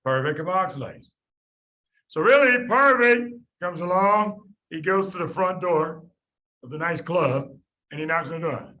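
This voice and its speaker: Forceful joking lecturer, a man. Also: on the high side, normal speed, rough recording. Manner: animated, storytelling, folksy. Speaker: medical school biochemistry lecturer.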